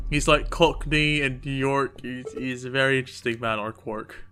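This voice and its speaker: A man's voice: medium pitch, fairly even intonation, brisk, bright, forceful tone, clean tone. A man commentating his own video game playthrough, making joking, self-mocking asides. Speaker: gaming channel host. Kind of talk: let's play commentary. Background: game music.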